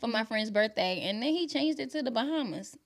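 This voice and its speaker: A woman's voice: fairly high pitch, animated, fairly quick. A woman guest, a musician and actress, joking and laughing in casual slangy talk. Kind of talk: casual chat.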